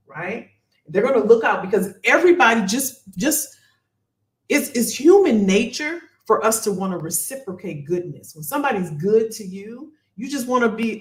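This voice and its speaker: A woman's voice: mid-range voice, reverberant. A woman hosting a live career-advice question and answer stream, talking casually and encouragingly to her viewers. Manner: lively, encouraging, talks to the audience as "y'all".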